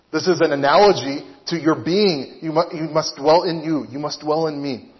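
This preacher has a fairly high, steady voice, speaking at a normal speed with hardly any pauses. He gives an earnest sermon in a slightly raised voice, building his point through rhetorical questions aimed at the congregation. A long reverb suggests a large hall, and the recording sounds dull and muffled.

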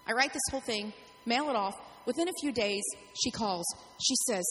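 A middle-aged woman pastor telling a story in a sermon, acting out the quotes with lively animation. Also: a little high, a little fast, few pauses. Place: church sanctuary. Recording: echoey hall, faint hum.

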